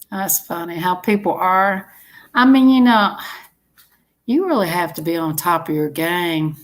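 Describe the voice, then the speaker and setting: A woman's voice: lowish voice, expressive, takes it slowly, long pauses. A woman chatting casually to her live-stream viewers, rambling and laughing often.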